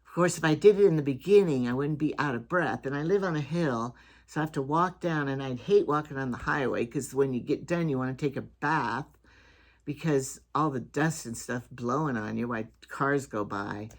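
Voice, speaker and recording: An older woman with a deep, rumbling voice hosts her own home talk show as a vlogger, speaking at normal speed. She rambles and frequently starts her sentences over.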